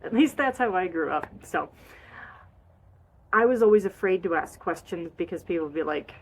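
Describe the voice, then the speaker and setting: A woman coaching on holistic wellness in a casual, expressive way, repeating short phrases and acting out feelings with sighs and little noises. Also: fairly low pitch, normal speed, a little hiss or hum. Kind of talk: casual advice talk.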